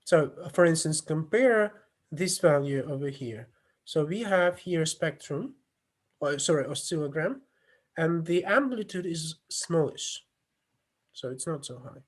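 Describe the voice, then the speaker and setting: Male lecturer, slow and halting, slightly raised pitch, teaching over a video call. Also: lively intonation. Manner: halting, many fillers and restarts, non-native phrasing. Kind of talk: online lecture with screen demo.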